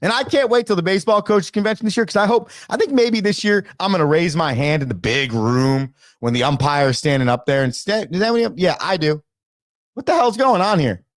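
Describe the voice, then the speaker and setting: High, animated, ranting male sports host. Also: brisk, no room sound, clean studio sound. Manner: emphatic, exasperated, ranting. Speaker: baseball coach and show host. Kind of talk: casual sports commentary rant.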